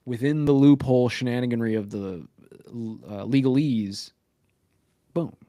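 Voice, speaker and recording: A man's voice: mid-range voice, unhurried, warm tone, dry recording. Dry-sounding rambling podcast man. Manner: rambling, profane, fills talk with "right?" and "like". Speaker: podcast co-host. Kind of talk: casual live podcast chat.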